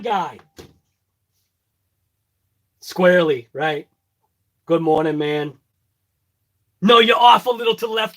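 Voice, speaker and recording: Chatty Boston man, slow and high. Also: a bit bright. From Boston area. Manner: rambling, jokey, self-mocking. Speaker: vlogger. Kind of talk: casual morning check-in chat. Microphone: phone camera.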